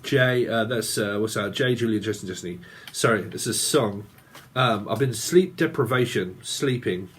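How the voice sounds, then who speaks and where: A man's voice: on the low side, moderate pace, a bit bright, slight background noise. A man giving a rambling tarot reading, free-associating aloud, muttering strings of names and chuckling to himself. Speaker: tarot reader.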